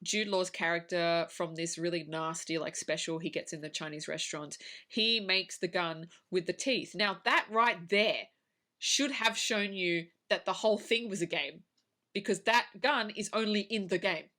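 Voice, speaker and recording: A woman's voice: on the low side, normal speed, bright, forceful tone. A woman co-hosting a podcast, chatting casually about a film, swearing and acting out her own reactions. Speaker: podcast co-host. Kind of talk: casual film review chat.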